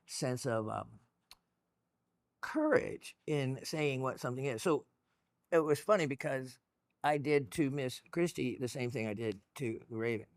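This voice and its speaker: A man's voice: mid-range voice, unhurried, no echo, studio quality. A man hosting a gemstone show, talking in a rambling, encouraging way with lots of fillers and restarts. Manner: chatty and encouraging. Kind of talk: casual educational talk.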